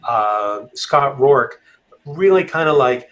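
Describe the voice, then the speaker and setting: A man talking as an author guest in a casual interview, thoughtful and halting, with frequent fillers and restarts. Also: mid-range voice, lively intonation, fairly bright tone, poor audio.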